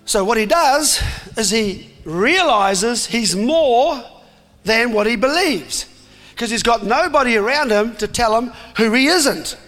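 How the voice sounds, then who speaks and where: A man's voice: extremely high pitch, animated, slow pace, a bit bright, faint music behind. A man preaching an emphatic sermon, putting questions to his congregation and acting out voices. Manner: emphatic, acts out voices, asks the crowd questions. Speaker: pastor. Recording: long hall reverb.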